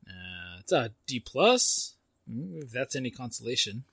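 A man with a husky, slightly rough voice trading easygoing jabs about beer. The sound is dry and close, with no room around it. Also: mid-range voice, very animated, a little slow, a bit bright, no echo. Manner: easygoing, teasing. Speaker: podcast co-host. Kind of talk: casual beer-tasting chat.

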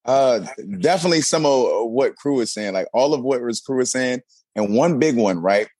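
A man who is a reality dating show cast member, telling stories in an animated, casual way with lots of fillers. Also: medium pitch, moderate pace, no room sound. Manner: animated storytelling with many fillers. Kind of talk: casual interview chat.

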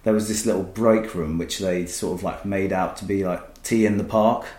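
A man's voice: deep voice, fairly even intonation, normal speed, darkish tone, echoey room. A man casually telling stories as a podcast guest, rambling and swearing freely. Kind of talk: casual storytelling.

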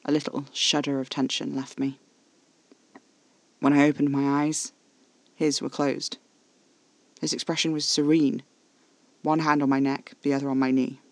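Gravelly man narrating hushed horror fiction. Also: mid-range voice, level tone, moderate pace, long pauses, dry recording. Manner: tense, intimate, hushed. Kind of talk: first-person horror audio drama narration.

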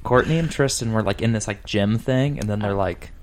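A man's voice: fairly low pitch, a loud crowd. A man hosting a podcast, telling rambling stories in casual chat and slipping into voices. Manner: rambling, quick storytelling, puts on voices. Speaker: podcast host.

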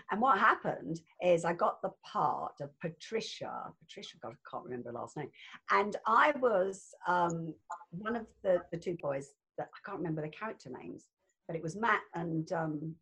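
An older woman talks as a guest in a relaxed interview. Her voice is husky and sits a little low. She is effusive and chatty, often laughing between thoughts. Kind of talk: casual interview chat.

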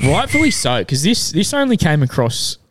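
A man's voice: a little high, big pitch swings, moderate pace, a bit bright, no room sound. A man co-hosting a podcast, telling stories in slangy, laughing casual chat. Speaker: podcast co-host.

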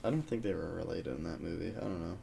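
Gravelly young man rambling casually. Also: sits low, fast talker, dark tone. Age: young adult. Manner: rambling, loose, swears casually. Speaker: podcast co-host. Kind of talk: casual pop-culture chat.

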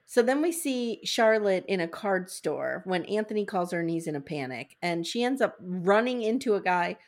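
A woman's voice: mid-range voice, lively intonation, normal speed. A woman hosting a podcast, recapping a TV episode in a candid, jokey, chatty way. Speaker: podcast host. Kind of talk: casual recap chat.

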